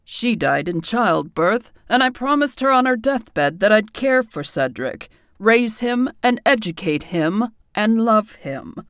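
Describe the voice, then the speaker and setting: A woman putting on a tired older faerie king, lowering her voice and speaking out firmly and gravely in an audiobook reading. He sounds like a regretful father laying out an old secret, in a dry, close recording. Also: very animated, a little slow, few pauses, no room sound. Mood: solemn. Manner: grave, confessional storytelling.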